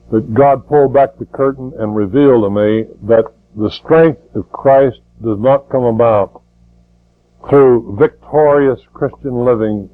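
A man's voice: mid-range voice, narrow, tinny audio. An older man preaching a sermon in a folksy way, repeating words and rising to fervent emphasis.

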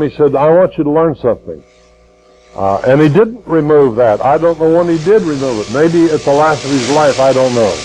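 Older preacher, mellow fervent sermon voice. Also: male voice, on the high side, slight background noise, low-quality recording. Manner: folksy, repeats words, rises to fervent emphasis.

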